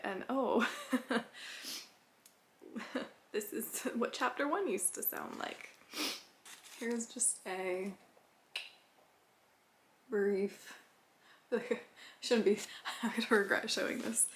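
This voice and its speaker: A woman's voice: a little high, creaky, slight background noise. A young woman chatting casually in a vlog, giddy and self-conscious, laughing often and trailing off. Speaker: writing vlogger.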